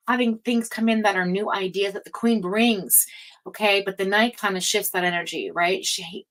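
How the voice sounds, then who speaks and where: A woman's voice: mid-range voice, a bit bright, poor audio. A woman giving a casual, rambling tarot reading, full of fillers and asides. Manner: chatty, rambling, frequent fillers and laughs. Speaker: tarot reader.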